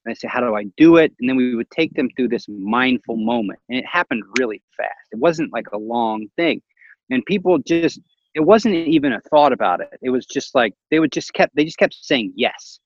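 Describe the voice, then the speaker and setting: A man's voice: mid-range voice, normal speed, lo-fi sound. A man casually telling a story, acting out the voices of the people in it and laughing often. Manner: animated, acts out quoted voices, laughs often.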